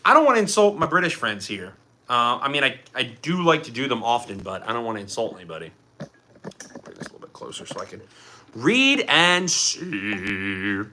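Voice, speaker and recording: Man, Philadelphia accent, livestream host, rambling casual chat, very bright tense tone. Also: medium pitch, big pitch swings, fast talker, slight background noise. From Philadelphia, USA. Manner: rambling, loose and chatty.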